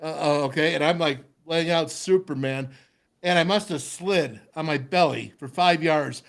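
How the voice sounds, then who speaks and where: A middle-aged man hosting a sports talk show, telling a lively football story and acting out voices. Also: on the high side, normal speed, gravelly. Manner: animated storyteller, acts out voices, laughs often. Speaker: radio show host, former football player.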